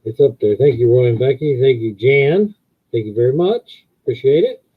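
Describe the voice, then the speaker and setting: A man's voice: expressive, normal speed, slightly rough. A middle-aged man co-hosting a casual live stream, rambling about his dogs and thanking viewers. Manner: rambling, talks in high baby voice to dogs. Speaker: livestream co-host. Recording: muffled phone-like audio.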